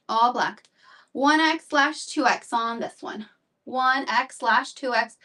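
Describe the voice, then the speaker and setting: A woman's voice: fairly high pitch, a bit bright, recorded from a distance. Chatty woman selling clothes live. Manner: chatty, rambling, fillers and repeats. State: out of breath. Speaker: live shopping seller. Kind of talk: live-stream sales chat.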